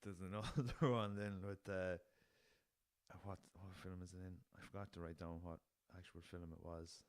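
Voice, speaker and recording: Young Irish male podcast host, deep voice, loose and jokey, swears a lot, dry recording. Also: flat delivery, normal speed, clear, resonant tone, dry recording. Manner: laughing at his own jokes, swears freely, rambling. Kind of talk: casual solo podcast chat.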